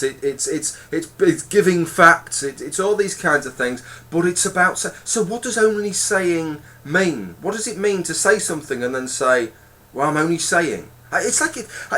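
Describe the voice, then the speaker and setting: A man's voice: on the high side, bright, forceful tone. A middle-aged man with a British English accent, talking casually and swearing, often repeating and restarting his words. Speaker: YouTube vlogger. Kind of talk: casual rambling monologue.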